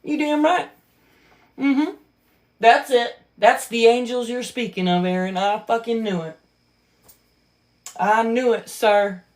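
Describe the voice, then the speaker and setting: A woman's voice: on the high side, slow, pauses often, darkish tone. A woman giving casual, sarcastic and profane reaction commentary on a book she reads aloud.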